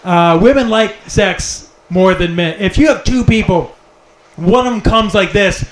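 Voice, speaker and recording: A man doing a stand-up routine on a comedy club stage, with a quick, wry, swearing delivery. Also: high-pitched, a loud crowd. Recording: echoey club room with noise.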